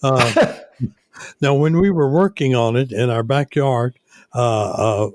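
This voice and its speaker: An older man, a radio station owner, telling stories unhurriedly in a casual interview, with many pauses. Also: mid-range voice, dry recording, clean studio sound. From United States.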